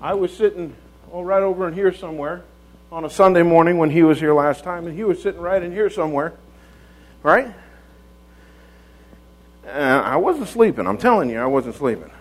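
A man's voice: fairly high pitch, lively intonation, moderate pace, pauses often, poor audio. A man preaching a conversational sermon in a church, folksy, often repeating words and asking rhetorical tag questions.

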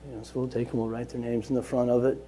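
A man who leads Bible study at a juvenile center, giving an earnest personal testimony that moves between quiet and loud, lively telling. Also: mid-range voice, very fast, slight background noise. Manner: earnest storytelling, swings from soft to loud and lively.

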